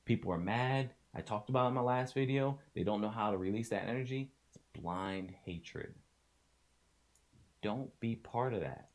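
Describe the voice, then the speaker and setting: A young adult man talking to camera in a casual motivational vlog, blunt and passionate, swearing freely and swinging between low mutters and loud outbursts. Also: brisk, hardly any pauses. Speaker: streamer and vlogger.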